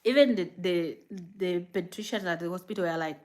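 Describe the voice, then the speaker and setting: Answering viewer comments in a relaxed vlog, this new mother tells animated stories and replays her own past words, with plenty of fillers and laughter. Her voice is lowish and she talks a little fast.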